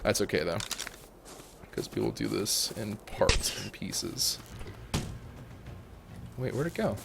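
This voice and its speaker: A young man giving jokey, excitable let's-play commentary, talking to the animals in his game. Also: fairly low pitch, normal speed, vocal fry, long pauses, noisy background. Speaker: gaming YouTuber.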